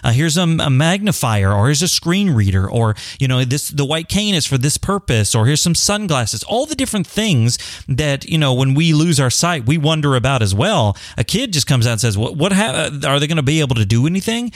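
A man's voice: a little high, brisk, no echo, clean studio sound. A young man talking casually about living with sight loss, often acting out the questions people ask him. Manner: animated, acts out quoted voices, chuckles often. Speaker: blind advocate speaking on sight loss. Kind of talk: casual solo talk to camera.

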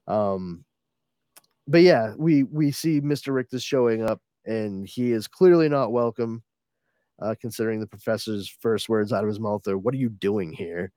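A man's voice: on the low side, normal speed, dry recording, clean studio sound. A man casually recapping a comic book with a co-host, laughing often and acting out the characters' lines. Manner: laughing, animated retelling with acted-out quotes.

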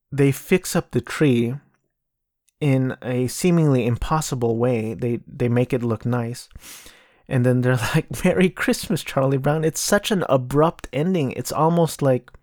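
A man's voice: mid-range voice, a little mellow, no room sound, clean studio sound. A man hosting a casual solo podcast, rambling and correcting himself as he talks. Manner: rambling, self-correcting, mocking impressions. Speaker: podcast host.

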